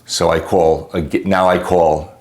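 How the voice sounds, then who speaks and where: Man, deep voice, casual exasperated storyteller in a talking-head vlog. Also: slow. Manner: exasperated, animated retelling with acted quotes. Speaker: homeowner telling a customer-service story.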